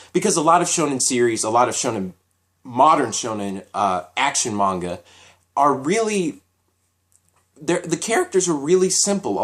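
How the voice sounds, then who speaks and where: A man giving a casual solo anime episode review, talking in an animated, repetitive way as he thinks aloud. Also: mid-range voice.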